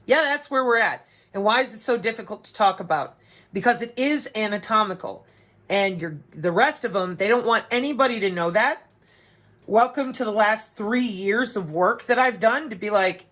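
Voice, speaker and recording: Bright-voiced, profane ranting woman. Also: mid-range voice, normal speed. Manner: profane, sarcastic, animated, slips into mocking voices. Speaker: vlogger. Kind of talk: ranting monologue to camera.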